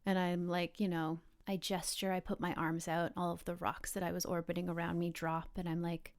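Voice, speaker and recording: A woman's voice: on the low side, little pitch movement, fairly quick, hardly any pauses. A woman narrating her superhero's actions as a player in a tabletop game, rambling and restarting. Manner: rambling, with restarts and soft asides.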